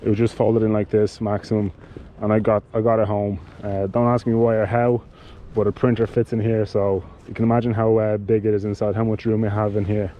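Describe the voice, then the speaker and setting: A man giving a casual product demonstration of cycling gear, talking in a halting way with many fillers and restarts. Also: fairly low pitch, flat delivery, muffled recording, slight background noise.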